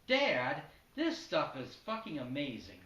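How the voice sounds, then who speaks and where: A man's voice: fairly high pitch, wildly swooping pitch, measured pace, sharp tone, full character voice. A man doing a crude teenage sitcom son. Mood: blunt. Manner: blunt and crude. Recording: echoey room, distant mic.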